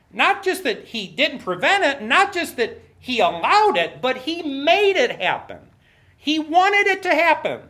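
A man preaching a sermon as a pastor, acting out quoted voices with big jumps in pitch and poking fun at himself. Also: fairly bright tone. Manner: self-mocking humor, laughs at himself. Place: church.

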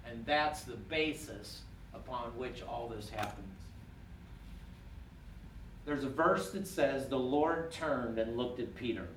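A man preaching a sermon, rising to emphatic peaks and dropping quiet and intimate. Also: mid-range voice, slow, slight background noise. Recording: echoey room, from far off.

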